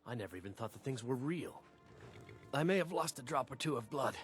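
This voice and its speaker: A man's voice: medium pitch, lively intonation, fairly quick, close to an everyday voice. An actor playing a wounded male hunter who begs a stranger for help, breathless and weary, over game music. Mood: grim. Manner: pleading, weary. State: injured, short of breath.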